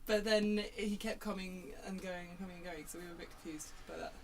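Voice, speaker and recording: A woman's voice: on the low side, fairly even intonation, quick pace, a crowd in the background. A woman in casual chat, telling a story with lots of laughter and fillers. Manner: chatty, laughing, many fillers and restarts. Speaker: band member chatting on a stream. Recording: background noise.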